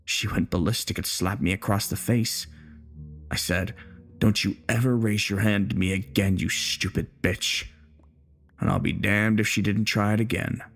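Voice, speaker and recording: Low, gravelly, crude old veteran, hostile and menacing, slow and profane, voiced by a man in a story reading. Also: steady tone, fairly bright tone, soft background music. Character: bitter, crude, hostile older male war veteran.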